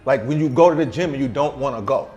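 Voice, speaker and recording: A man's voice: mid-range voice, quick pace, highs cut off, over music. A middle-aged man, a vegan chef guest, talking in an emphatic, slangy, boastful way in a casual interview at a restaurant.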